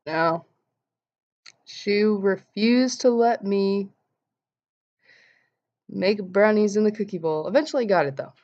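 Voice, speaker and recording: A young woman vlogger telling an animated story and acting out the quotes in voices. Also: mid-range voice, slow, long pauses. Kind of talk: casual storytelling vlog. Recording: dull lo-fi sound.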